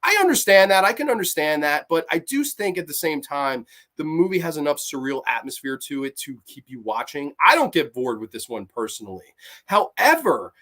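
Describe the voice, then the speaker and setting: A horror movie show host giving a casual, profane review, rambling with restarts and swinging between low mutters and high excited outbursts. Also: brisk. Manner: rambling, with frequent restarts and "like" asides.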